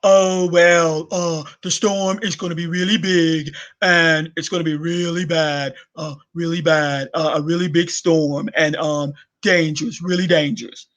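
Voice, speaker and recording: A man doing a mocking impression of an older male president who rambles, repeating simple words with halting fillers. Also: fairly high pitch, level tone, fairly bright tone.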